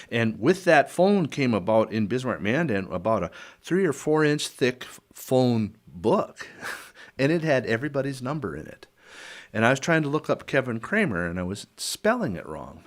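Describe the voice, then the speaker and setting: An older man with a lowish voice shares memories as a podcast guest. He tells them as an animated story, slipping into voices for the people in it, chuckling and restarting as he goes. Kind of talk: storytelling in a conversational interview.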